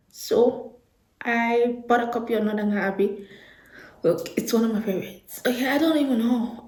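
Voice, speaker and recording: Young woman book vlogger, gushing and giggly, a bit high-voiced, roomy echo. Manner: gushing, animated, repeats herself, laughs often. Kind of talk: casual chat to camera. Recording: echoey room.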